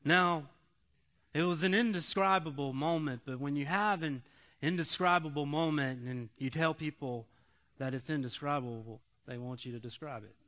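A man giving an emotional testimony sermon, repeating phrases and swinging between loud, pleading passages and hushed ones. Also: on the high side, normal speed.

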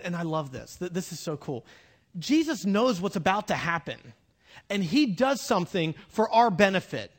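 A man preaching a conversational sermon with humorous asides, swinging between loud bursts and hushed moments. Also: high voice. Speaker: pastor.

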